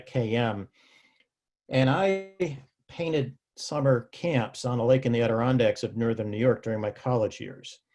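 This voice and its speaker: A man hosting a casual interview over a video call, talking in a measured way and asking follow-up questions. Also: medium pitch, a little mellow. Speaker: host.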